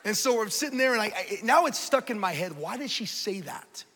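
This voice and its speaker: High, bright preacher in a big hall. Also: male voice, fairly quick. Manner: animated, self-mocking, laughs often. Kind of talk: sermon storytelling. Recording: preaching in a large reverberant hall.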